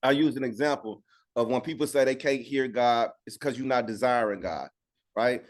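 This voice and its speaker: A man's voice: medium pitch, moderate pace. Preacher man teaching casually online. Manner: conversational, repeats "right?" for agreement. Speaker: Bible study teacher. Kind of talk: informal online Bible study teaching. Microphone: video call.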